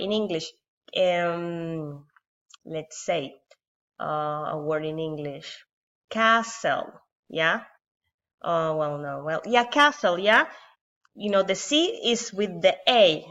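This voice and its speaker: Slow, bright-voiced woman teaching Arabic. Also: fairly low pitch. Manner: patient, explains slowly with many checks like okay and yeah. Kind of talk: beginner language lesson. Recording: dull lo-fi sound.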